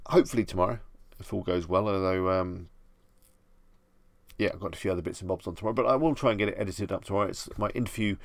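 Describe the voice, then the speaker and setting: A relaxed English man with a Bedfordshire accent hosts a late-night live stream from home, answering viewers in an easygoing ramble. His voice sits low with a gravelly, fry-edged texture. The sound is close and dry, with no room echo. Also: quick pace. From England. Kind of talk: casual live stream chat.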